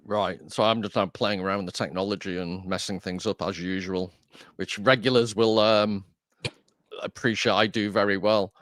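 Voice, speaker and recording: A man's voice: fairly low pitch, steady tone, normal speed, a bit bright, no echo, clean studio sound. A man hosting a casual discussion, chatty and self-deprecating, often rambling. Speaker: host.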